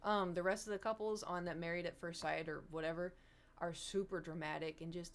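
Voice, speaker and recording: A young woman chatting casually with viewers on a livestream, rambling and animated, slipping into mocking impressions. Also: lowish voice, a little fast. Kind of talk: casual stream chat with viewers.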